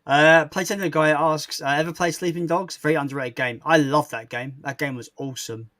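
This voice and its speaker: A young man chats casually, second-guessing himself and clearing his throat between remarks. His voice sits a little higher than usual. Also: fairly even intonation, a little fast, a bit bright. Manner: hesitant, self-deprecating, throat-clearing. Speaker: stream co-host reading chat questions. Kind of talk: casual chat.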